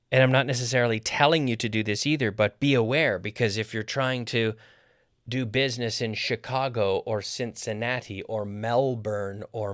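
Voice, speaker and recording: A man's voice: mid-range voice, a bit bright, dry recording, clean studio sound. A man teaching a lesson on a podcast, explaining with repeated spoken examples and rhythm drills. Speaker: English teacher.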